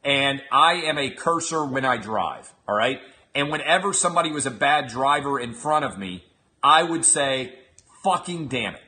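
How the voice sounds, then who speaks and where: A man's voice: medium pitch, expressive, moderate pace, pushed and bright. A man in his thirties hosting a show, giving an emphatic opinionated monologue and often checking in with his listeners. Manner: emphatic, asks the audience 'all right?'. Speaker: show host.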